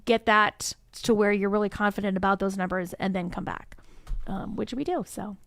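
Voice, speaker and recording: A woman's voice: medium pitch, fairly even intonation, moderate pace, gravelly, fairly bright tone, no room sound. Enthusiastic woman guest explaining her program. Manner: chatty and enthusiastic, frequent "um, you know" fillers. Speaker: incubator staff member, interview guest. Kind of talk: conversational interview answer.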